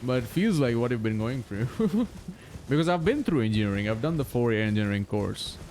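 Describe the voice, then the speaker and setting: A man's voice: medium pitch, lively intonation, brisk, darkish tone. A man in his twenties chatting casually while speedrunning a game, laughing often and swearing freely. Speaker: streamer. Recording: noisy background.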